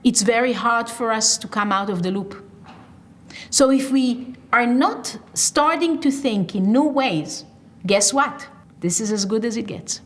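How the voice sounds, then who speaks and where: A woman's voice: on the high side, animated, a little slow. A woman hosting an interview, earnestly explaining ideas step by step and checking in with rhetorical questions. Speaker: podcast host.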